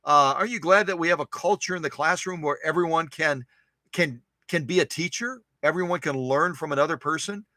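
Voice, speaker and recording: This sewing machine live stream host talks briskly in a voice on the high side, animated as he exclaims and jokes casually with viewers. There's no echo.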